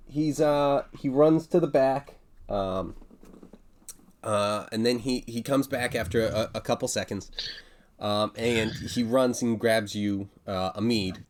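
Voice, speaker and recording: A man's voice: mid-range voice, a little mellow. Hesitant male game master. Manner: hesitant, many fillers. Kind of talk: narrating a tabletop game.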